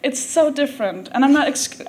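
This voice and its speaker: A woman's voice: high-pitched, expressive, darkish tone. A woman comedian from Denmark telling a funny story on stage, laughing often and acting out what people said. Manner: laughing often, quick asides, acts out quotes. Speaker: comedian guest. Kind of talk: comic storytelling on a live podcast. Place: theatre with a live audience. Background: audience laughter.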